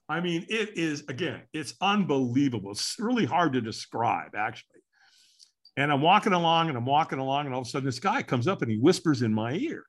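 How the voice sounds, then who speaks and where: Speaking briskly and a bit breathily, this sixty-something guest on a podcast recounts something from his own life. He brings quotes to life energetically, his voice swinging widely in pitch.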